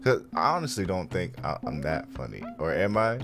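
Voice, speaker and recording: A man's voice: low voice, very animated, normal speed, few pauses. A young man casually reacting to a video, laid-back and full of slang, laughing at himself.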